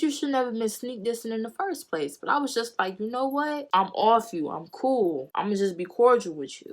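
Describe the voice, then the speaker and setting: A woman's voice: fairly low pitch, fairly bright tone. A young woman vlogger telling a storytime in a casual way, blunt and profane, full of slang, who acts out the dialogue. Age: young adult.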